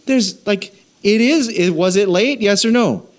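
A man's voice: high-pitched, a little slow. A man preaching a sermon in a casual, joking way, often asking his congregation questions. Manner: animated, jokey, asks the congregation questions. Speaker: pastor.

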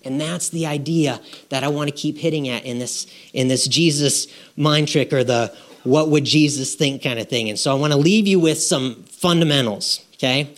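A man preaching a sermon in a conversational style, often checking in with his listeners with quick "right?" and "okay?" asides. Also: a little high. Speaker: pastor.

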